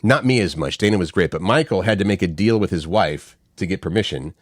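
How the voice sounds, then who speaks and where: A man's voice: sits low, animated, a little fast, no echo, clean studio sound. A middle-aged man co-hosting a morning show, telling stories in a rambling way with many restarts. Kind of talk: casual morning-show chat.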